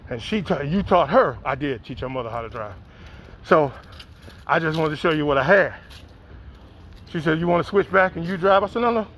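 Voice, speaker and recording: A middle-aged man, telling a profane, animated spoken-word story and acting out the dialogue. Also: fairly high pitch, a little fast, pauses often, slight background noise. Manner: acts out dialogue, rises in excitement.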